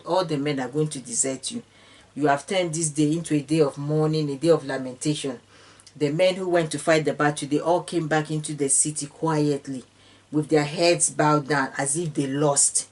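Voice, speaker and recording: A woman retelling a Bible story in an informal way, with fillers and restarts, slipping into the characters' speech. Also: deep voice. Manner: slips into the characters' speech when quoting. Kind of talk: casual retelling of scripture.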